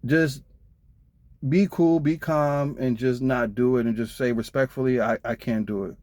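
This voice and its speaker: A man's voice: medium pitch, fairly even intonation, measured pace, a little mellow, no room sound. Blunt, profane trucker man venting. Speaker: truck driver vlogger. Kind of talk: casual storytelling rant.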